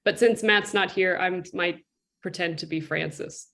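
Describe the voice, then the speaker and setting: A woman improv player introducing herself over a video call, gentle and a little hesitant. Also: fairly low pitch, measured pace. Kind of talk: casual self-introduction.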